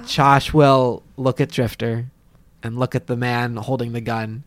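A man playing a tabletop game, describing his character's moves with a hesitant, halting manner. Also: mid-range voice, little pitch movement, dry recording. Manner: slow, hesitant, many fillers. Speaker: player.

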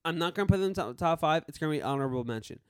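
Casual male podcast co-host, higher-pitched, dry booth sound, keen and halting. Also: lively intonation, smooth, no room sound. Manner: eager, stumbling restarts. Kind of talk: casual sports chat.

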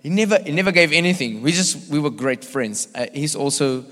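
A male evangelist from South Africa telling animated, laugh-filled stories in a sermon at church. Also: on the high side, fairly quick. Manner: animated, acts out voices, laughs often. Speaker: visiting evangelist. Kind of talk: storytelling sermon. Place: church hall. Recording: long church hall reverb.

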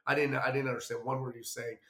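A man's voice: mid-range voice, very fast. A man telling a long travel mishap in a casual, rambling way, acting out what people said. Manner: rambling, animated anecdote with acted-out quotes. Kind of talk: casual storytelling. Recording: roomy echo.

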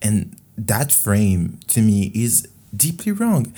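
A man's voice: on the low side, very animated, slow pace, mellow. A man from France with a French accent, hosting a casual podcast monologue in a rambling, candid way. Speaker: podcast host.

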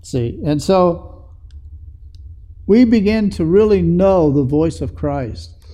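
A man's voice: high voice, animated, slow, warm tone. A man preaching a sermon in an earnest way that builds to emphatic passages.

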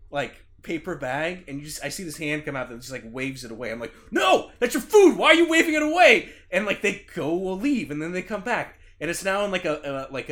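A young man co-hosting a podcast, telling a story in an animated, swearing rant and laughing as he goes. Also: a little high. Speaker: podcast co-host. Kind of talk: casual chat, storytelling rant.

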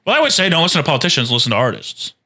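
Man, podcast co-host, casual banter, dry jokes, forceful bright tone. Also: on the high side, big pitch swings, very fast. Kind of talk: casual chat.

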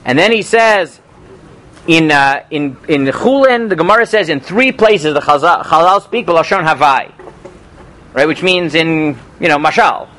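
A man teaching a Talmud class in a relaxed lecture style, often checking in with "right?" and "okay?", reading passages aloud and translating them. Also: a little high, a little slow. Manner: animated, peppers talk with "right?" and "okay?"; reads and translates Hebrew and Aramaic text aloud. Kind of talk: informal lecture.

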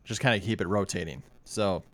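A man with a Minnesotan accent co-hosting a casual chat, relaxed and thoughtful, with many fillers. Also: low voice, brisk. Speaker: co-host. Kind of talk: casual chat tasting sodas.

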